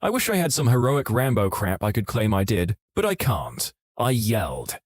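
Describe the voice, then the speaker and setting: Lively male story narrator, dry sound. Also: fairly low pitch, moderate pace, dry recording. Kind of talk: scripted narration of online stories.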